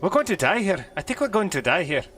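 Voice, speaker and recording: Lively game master man. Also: high-pitched, quick pace, a little hiss or hum. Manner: animated, laughs and swears casually. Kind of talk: narrating a tabletop game over a voice call.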